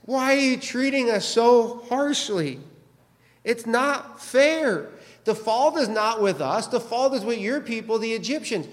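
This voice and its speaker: A preacher voicing pleading desperate foremen. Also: male voice, very high voice, expressive, a little slow, in a large hall, pitched above the performer's own voice. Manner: pleading, complaining.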